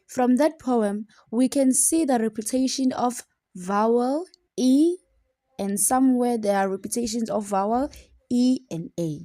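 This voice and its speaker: A woman teacher explaining a lesson and reading examples aloud slowly and deliberately. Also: fairly high pitch, mellow, no room sound.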